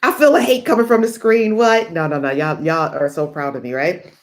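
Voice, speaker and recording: A middle-aged woman giving a lively motivational talk to online viewers, chatty and animated, calling them "y'all" and breaking into laughs and high whoops. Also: a little fast. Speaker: motivational speaker.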